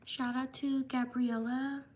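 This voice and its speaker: A woman hosting a livestream, reading viewers' names for shout-outs in a slow, repetitive way. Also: high voice, little pitch movement. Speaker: livestream host.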